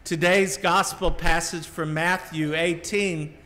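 A middle-aged man from the Midwest preaches a homily in a slow, reflective voice that sits a little high. He tells his story in a measured way and sometimes restarts a phrase. His voice carries the long reverb of a large church. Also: steady tone, sharp tone. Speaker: Catholic priest giving a homily. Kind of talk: sermon.

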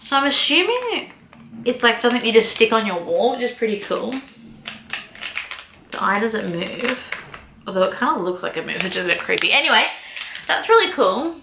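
Young woman gushing over an unboxing, pitch jumping all over, slightly high voice, roomy echo and faint hiss. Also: big pitch swings, moderate pace, pauses often. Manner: gushing, exclamatory, swears casually. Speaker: book vlogger. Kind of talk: excited unboxing chat. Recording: echoey room, faint noise.

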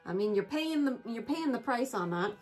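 Gushing, excitable woman with a higher voice. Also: normal speed, soft background music. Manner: gushing and excitable, squealing over items; chatty with self-corrections and asides. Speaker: home and collectibles vlogger. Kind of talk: casual product haul chat.

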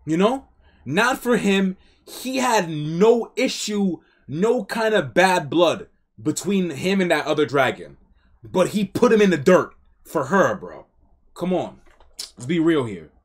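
Animated, slangy male streamer. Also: fairly high pitch, measured pace. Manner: slangy, excitable, talks back at the story. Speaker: streamer reacting to a comic. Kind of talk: casual live reaction commentary.

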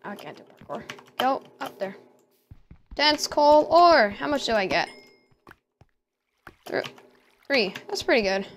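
A woman's voice: mid-range voice, big pitch swings, measured pace, long pauses, a bit bright, slight background noise. A woman giving casual let's-play commentary, talking to herself and squealing at danger. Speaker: gamer.

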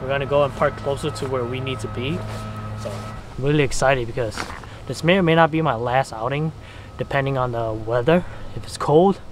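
A man vlogging while fishing outdoors, chatty and excitable, talking straight to his viewers. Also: medium pitch, brisk. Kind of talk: casual outdoor vlog. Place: outdoors by the water at night in wind. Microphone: camera mic covered against wind. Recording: outdoor mic with loud wind noise.

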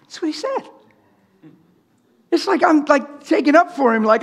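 A man preaching a sermon in a church, impassioned, swinging from loud urgent stretches to hushed, quiet ones. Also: very high-pitched, lively intonation, unhurried, long pauses. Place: church sanctuary.

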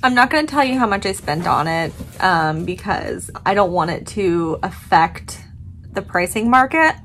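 A woman's voice: on the low side, expressive, normal speed, a bit bright, a little hiss or hum. A woman vlogger gushing dramatically over a new plant, yawning and sleepy despite her coffee. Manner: gushing, dramatic, swearing casually. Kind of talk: excited unboxing vlog.

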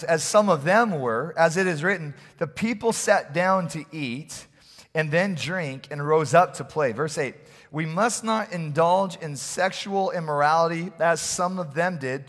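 A man preaching a sermon as pastor, swinging from loud, urgent calls to low, quiet asides. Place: large church hall. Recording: long reverb of a church hall.

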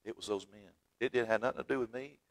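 A man preaching a fervent sermon in a church, swinging from loud exclaiming to hushed asides. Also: lowish voice, quick pace. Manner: fervent, swings from shouting to near-whisper. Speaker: pastor. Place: church sanctuary.

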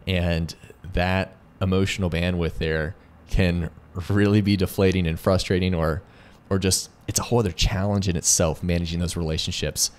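Speaking at a moderate pace, this low-voiced man has a darkish tone and fairly even intonation. An American-accented co-host for a lending company, he adds points in a casual business talk, leans on analogies, and restarts his phrases often.

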